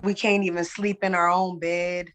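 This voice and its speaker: A woman's voice: lowish voice, level tone, normal speed, fairly bright tone, faint music behind. A woman speaking as a guest in a candid conversation, earnest and emphatic, often checking in with "right?". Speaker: guest, musician.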